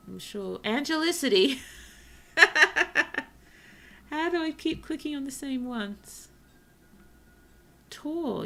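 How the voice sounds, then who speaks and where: A woman streamer chatting casually through a cozy game, talking to her villagers and often dropping to soft whispers. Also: medium pitch, vocal fry. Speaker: VTuber streamer. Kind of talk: casual gameplay commentary.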